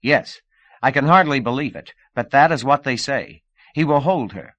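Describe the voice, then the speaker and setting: A man's voice: mid-range voice, animated, normal speed, a bit bright, lo-fi sound, pitched above the performer's own voice, natural voice. A man voicing a terse male caller who talks in an urgent, clipped way.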